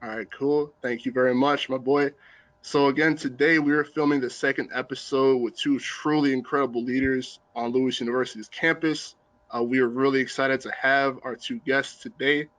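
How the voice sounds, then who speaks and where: Casting: young male student host, mid-pitched, close and dry, earnest and formal on a video call. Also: fairly even intonation, normal speed, fairly bright tone, no echo, low-quality recording. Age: young adult. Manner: earnest, polite, formal introductions. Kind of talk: hosted panel talk.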